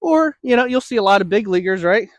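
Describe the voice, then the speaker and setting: Fast-talking and expressive, this man's voice sits high with no room sound as he coaches baseball throwing drills in an instructional demo. He's slightly winded and keeps asking "okay?"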